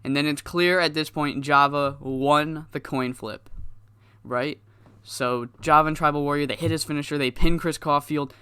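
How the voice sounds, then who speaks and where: A man's voice: a little high, steady tone, normal speed, bright, forceful tone, clean tone, no room sound. A man giving loose, rambling, profane commentary on his game, laughing at himself now and then. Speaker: gaming YouTuber.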